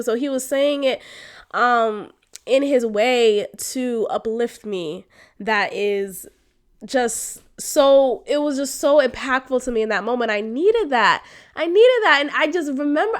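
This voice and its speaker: A young woman hosting a podcast, telling a personal story in a candid, expressive way, laughing often and talking straight to her listeners. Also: on the high side. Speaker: podcast host.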